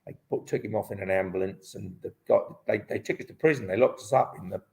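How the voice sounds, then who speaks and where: A man's voice: on the low side, quick pace, vocal fry, poor audio. A man in his fifties, a former motocross champion, telling stories as a guest in a live online interview in a rambling way full of restarts. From Britain. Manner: rambling, restarts often, lots of "um" and "like".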